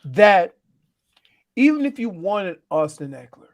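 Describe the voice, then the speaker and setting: High, lively-voiced male radio co-host. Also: slow. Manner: teasing, animated, drops into loud outbursts. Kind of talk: casual sports radio banter. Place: radio studio.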